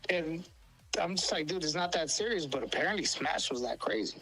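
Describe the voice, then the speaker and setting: A man's voice: a little high, animated, fairly quick, sharp tone, breathy edge, soft background music, rough recording. Rambling, profane man. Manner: rambling, profane, full of fillers and restarts. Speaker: co-host telling stories. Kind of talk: casual storytelling chat.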